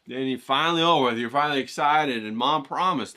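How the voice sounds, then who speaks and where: An energetic man rambles through a motivational pep talk on his art vlog, swearing freely and padding his lines with "you know". His voice is bright and forceful, with a mid-range pitch. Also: fast talker, few pauses. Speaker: art vlogger. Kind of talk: casual profane pep-talk monologue.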